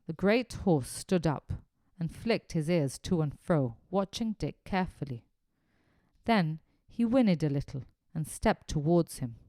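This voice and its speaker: Brief: expressive female storybook narrator, varied delivery, dry sound. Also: sits low, dry recording. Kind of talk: storybook reading.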